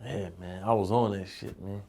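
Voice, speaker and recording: Young male rapper guest, gravelly, casual street storytelling with lots of cursing. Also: lowish voice, fairly even intonation, moderate pace, dark tone. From Philadelphia. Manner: loose, streetwise, peppered with profanity and "you know what I'm saying".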